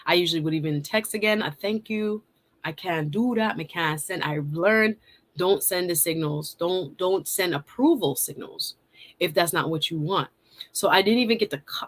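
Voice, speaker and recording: A woman's voice: mid-range voice, moderate pace. Lady hosting a live stream, telling a story, laughing a lot and acting out her own lines. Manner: animated, laughs often, acts out her own quotes. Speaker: host.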